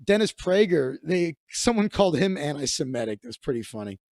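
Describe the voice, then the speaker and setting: A man's voice: on the high side, big pitch swings, a little fast, darkish tone, no echo, clean studio sound. A comedian hosting a livestream, a man telling stories in casual, rambling, profane chat with many restarts.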